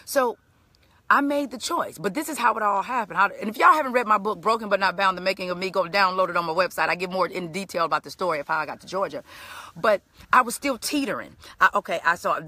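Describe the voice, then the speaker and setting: Middle-aged woman motivational speaker, bright and forceful, lively preacherly storyteller. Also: medium pitch, fast talker, dry recording. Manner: animated, conversational, preacherly. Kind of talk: storytelling live stream talk.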